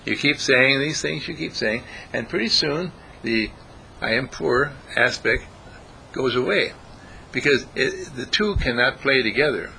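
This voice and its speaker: A man giving an informal spiritual talk, animated and acting out voices as he goes. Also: mid-range voice, a little slow, creaky, a little hiss or hum, rough recording. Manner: animated, acts out voices, chuckles often.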